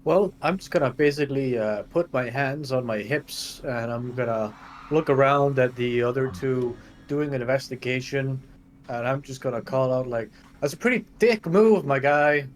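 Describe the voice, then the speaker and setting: A man's voice: mid-range voice, steady tone, moderate pace, slight background noise. A man playing in a tabletop game, casual, brash and profane. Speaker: player.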